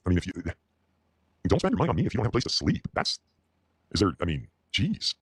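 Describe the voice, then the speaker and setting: Deep-voiced male streamer, rapid, stammery, swings in pitch, dry close audio. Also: wildly swooping pitch, husky, no echo. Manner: stammering, repeats words, halting. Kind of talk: rambling livestream chat.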